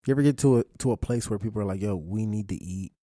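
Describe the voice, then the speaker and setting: A man's voice: lowish voice, quick pace, mellow, no echo, studio quality. A man hosting a podcast, asking laid-back questions and giving short replies. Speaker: podcast host. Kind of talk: casual interview chat.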